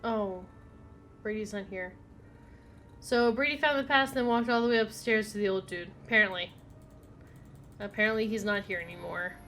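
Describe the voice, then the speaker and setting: A woman's voice: medium pitch, moderate pace, pauses often, fairly bright tone, soft background music. A woman streaming a video game at home, chatting casually, reading text aloud and talking to her cat. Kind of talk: casual live gameplay commentary.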